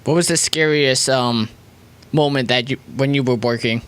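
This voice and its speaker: A man hosting a casual podcast, asking halting questions full of fillers. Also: mid-range voice, smooth. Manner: hesitant questions with many fillers. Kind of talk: casual chat.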